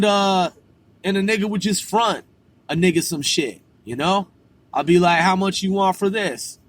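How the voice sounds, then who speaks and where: This man's voice sits high and a bit bright as he spins a casual story. Profane and drawling, he tacks "man" onto the end of nearly every sentence.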